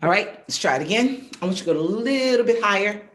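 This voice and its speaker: A middle-aged woman vocal coach leading a warm-up lesson, energetic and encouraging, giving brisk, direct instructions and checking in often. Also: medium pitch, a little hiss or hum. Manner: energetic and encouraging, checking in with "okay?" and "all right?".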